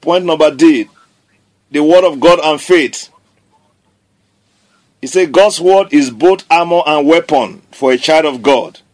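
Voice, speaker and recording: A man's voice: a little high, measured pace, long pauses, a little mellow. A man preaching a sermon, declaring scripture emphatically and repeating key phrases.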